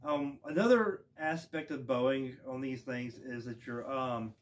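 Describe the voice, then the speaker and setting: A man giving a casual instrument lesson outdoors, relaxed and rambling with plenty of ums and restarts. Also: mid-range voice, unhurried. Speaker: music teacher. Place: outdoors with wind. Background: bowed string instrument playing.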